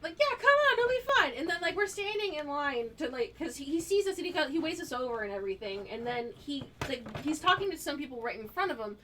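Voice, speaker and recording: A woman's voice: high-pitched, fast talker, few pauses, a little hiss or hum. A woman co-hosting a live stream, telling a story in casual chat and acting out the quotes with lots of energy. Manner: animated, acts out quotes, gets loud when excited. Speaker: stream co-host.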